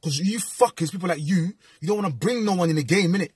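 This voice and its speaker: A man rants to camera, cursing heavily and building in heat. His voice is very husky and a touch high for a man. It is recorded dry and close. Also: fast talker, a little mellow, no room sound. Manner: heated, swearing, rising rant. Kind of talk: angry rant to camera.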